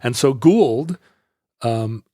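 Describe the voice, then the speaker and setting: A man's voice: medium pitch, animated, very slow, warm tone, no echo, clean studio sound. A man co-hosting a podcast, telling a history story in casual chat, rambling and correcting himself, laughing easily.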